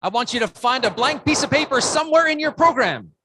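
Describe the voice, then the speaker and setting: Conference keynote speaker, lively pitch, energetic, call-and-response, loud bursts to the crowd. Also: fairly quick, a little hiss or hum. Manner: breaks into loud shouts to rouse the audience. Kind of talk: motivational speech with audience participation. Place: conference room with a live audience.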